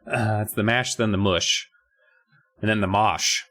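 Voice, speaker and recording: A man's voice: fairly even intonation, measured pace, a bit bright, slight background noise. A man co-hosting a podcast, casually and jokingly recapping a book with profanity. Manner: joking, profane, acts out characters with big pitch jumps. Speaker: podcast co-host.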